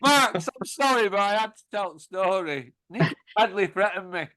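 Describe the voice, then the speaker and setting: High-voiced man storytelling. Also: expressive, moderate pace, pushed and bright. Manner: rambling, laughing, swearing anecdotes. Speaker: podcast host. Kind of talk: casual storytelling chat.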